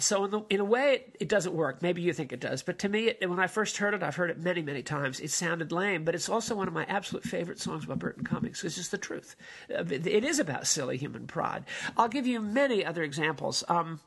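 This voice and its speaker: A man giving rambling, halting spoken commentary on songs, with many restarts and fillers. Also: sits high, fairly bright tone, breathy edge.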